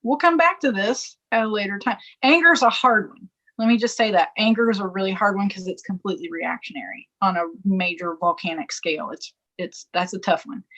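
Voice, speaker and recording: A woman's voice: mid-range voice, a bit bright. A woman co-hosting a spiritual podcast in casual chat, acting out quoted inner dialogue and laughing often. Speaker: podcast co-host. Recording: dull lo-fi podcast audio.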